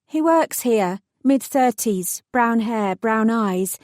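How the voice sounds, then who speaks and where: A woman voicing a breezy young fairy godmother who speaks brightly and politely in an audiobook. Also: fairly high pitch, expressive, slow pace, no room sound, studio quality, voice pushed up. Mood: cheery.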